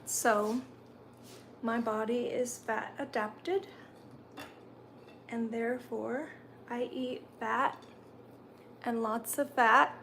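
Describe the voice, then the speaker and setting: A woman's voice: a little high, fairly even intonation, very slow, vocal fry, pauses often, a bit bright, slight background noise. A woman hosting a casual live stream from home, chatting and answering viewer comments while she eats, sometimes talking through a mouthful. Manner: talks while chewing.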